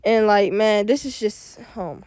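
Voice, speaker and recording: A man's voice: sits high, moderate pace, darkish tone, smooth, no echo. A young man reacting to a sad news story in casual, slang-heavy talk, his voice cracking with sadness. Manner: slangy, emotional, repeats "bro" and "like". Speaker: reaction video host.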